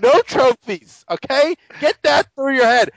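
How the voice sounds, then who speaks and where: A man's voice: very high voice, lively intonation, a little slow, fairly bright tone, no echo, poor audio. A man co-hosting a sports podcast, ranting in an exasperated, sarcastic way and mocking people in quoted voices. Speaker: podcast co-host. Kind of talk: casual sports podcast rant.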